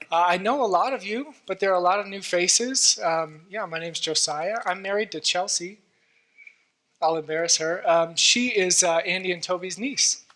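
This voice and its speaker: A man's voice: sits high, sharp tone. A man giving a sermon as guest preacher in a church, earnest and conversational, with frequent fillers.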